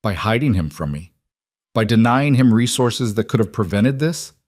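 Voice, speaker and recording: A man's voice: fairly low pitch, animated, moderate pace, darkish tone, no echo, studio quality, close to an everyday voice. A man reading the lines of a cold, controlled mafia boss in a told story. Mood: stern.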